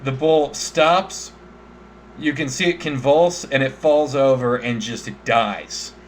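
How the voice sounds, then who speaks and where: Game master, man, easygoing and halting, faint background hiss. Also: mid-range voice. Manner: relaxed, halting narration with fillers. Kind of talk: narrating a tabletop game.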